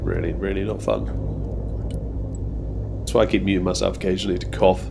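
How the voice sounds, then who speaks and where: A man livestreaming a game, chatting casually with viewers while badly congested from a cold, joking and swearing, with sudden bursts of excited shouting. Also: low voice, a little fast, creaky. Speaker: livestreaming gamer. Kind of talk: casual live gameplay chat. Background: music.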